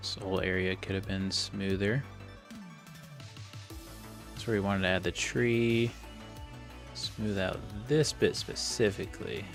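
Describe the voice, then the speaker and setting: Gravelly low-voiced man talking through gameplay. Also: unhurried, long pauses, faint music behind. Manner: relaxed thinking aloud, talks himself through each step. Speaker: game modder and video creator. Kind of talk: casual commentary while playing and editing a game.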